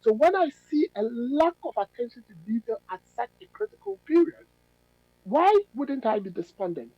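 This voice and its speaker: A middle-aged academic man, giving measured, analytical radio interview answers with emphatic stresses. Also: very high-pitched, very animated, dark tone, dry recording, highs cut off. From Ghana. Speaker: policy fellow and academic guest.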